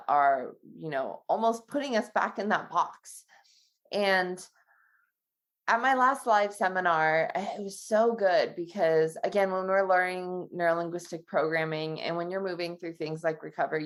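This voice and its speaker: Woman, podcast guest and trainer; earnest and encouraging, lower register. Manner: earnest, encouraging, blunt at times. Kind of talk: casual podcast conversation.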